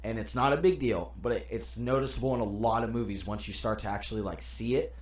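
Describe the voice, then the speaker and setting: Laughing, animated podcast guy in echoey room. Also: fairly low pitch, fast. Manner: animated storyteller, laughs while quoting. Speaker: podcast co-host. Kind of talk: casual chat. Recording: roomy echo.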